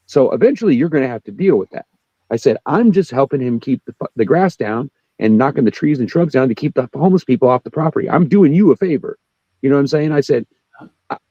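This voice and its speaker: Fast-talking, foul-mouthed man on a dull lo-fi call line, dry sound; casual podcast co-host. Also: warm tone, dry recording. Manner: profane, ranting, quick, jumps up in pitch when worked up. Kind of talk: casual chat.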